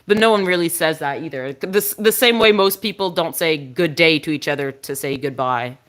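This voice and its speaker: A woman's voice: low voice, moderate pace. A woman with a French Canadian accent hosting a casual livestream with her dog, chatting in long rambling explanations. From Quebec, Canada.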